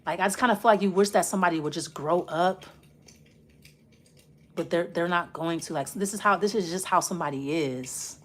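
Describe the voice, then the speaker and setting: A woman's voice: fairly low pitch, a little fast. A woman giving a casual spoken tarot reading, blunt and profane, rambling and restarting as she talks straight to the listener. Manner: rambling, with many restarts while reading cards. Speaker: tarot reader.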